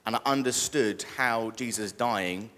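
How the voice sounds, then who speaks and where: Young brit guy preaching, jokey, low-ish voice, big echoey church. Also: a little slow, pushed and bright. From Britain. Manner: chatty, joking with the congregation. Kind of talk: casual church sermon.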